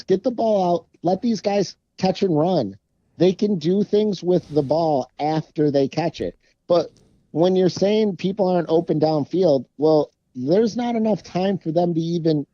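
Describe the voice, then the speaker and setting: Male podcast co-host, very dark mellow voice, muffled dry lo-fi sound, measured explainer. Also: high-pitched, dry recording. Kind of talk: casual sports chat. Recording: dull, muffled mic.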